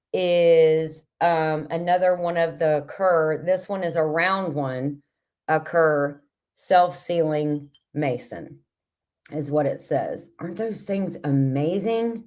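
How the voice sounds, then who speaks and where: A woman with a low voice hosts a relaxed livestream chat from her home. She speaks slowly and warmly to her viewers, reads their comments aloud, and gushes over the vintage jars she is showing. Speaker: livestream host.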